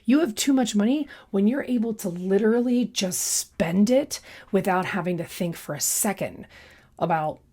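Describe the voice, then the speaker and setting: A woman's voice: medium pitch, moderate pace, darkish tone. A young woman doing casual reaction commentary in a sarcastic, mocking way. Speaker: YouTube commentator.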